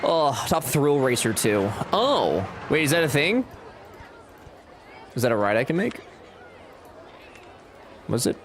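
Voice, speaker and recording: A man's voice: mid-range voice, slow pace, long pauses, noisy background. A man streaming a game live, chatting casually, joking around and reading out chat messages. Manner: jokey, animated, reads chat aloud.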